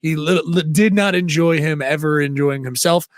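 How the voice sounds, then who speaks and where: Chill guy cohost, kinda high voice, dry mic, little music under. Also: moderate pace, dry recording. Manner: laid-back, laughs often. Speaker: podcast producer and cohost. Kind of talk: casual comedic chat.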